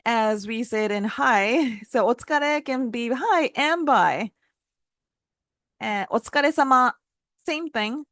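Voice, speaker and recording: A woman teaching phrases in a casual spoken lesson, modeling words with lively jumps in pitch. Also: no room sound, clean studio sound. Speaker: Japanese language teacher.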